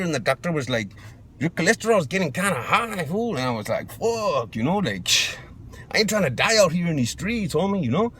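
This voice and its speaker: Man doing a macho young street guy, defensive, slangy drawl, keeps saying fool, high voice, swinging pitch, comedy sketch. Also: fairly bright tone, a little hiss or hum. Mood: rambling.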